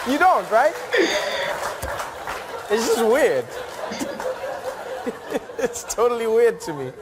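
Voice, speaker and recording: Casting: high-voiced male comedian, playful crowd work, studio audience, background noise. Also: takes it slowly. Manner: animated, playful, slips into funny accents. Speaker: comedian host chatting with audience.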